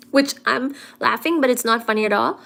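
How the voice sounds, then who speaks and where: A woman with a slightly high voice chats casually with her live stream audience from home. She is playful and affectionate, greeting viewers by name and reading out their comments. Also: measured pace, vocal fry, bright, forceful tone. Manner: affectionate, calls viewers "darling".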